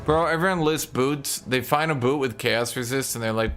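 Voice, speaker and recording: Male game streamer, loose chatty talk to viewers with casual swearing; clear music bed behind him. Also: medium pitch, steady tone, normal speed, few pauses, a bit bright. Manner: frustrated, swears casually, talks to chat.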